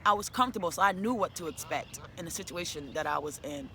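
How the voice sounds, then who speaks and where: A woman's voice: fairly low pitch, expressive, fast talker, pushed and bright, slight background noise. A woman, a single mother, telling her personal story to the camera in a candid, emphatic, conversational way.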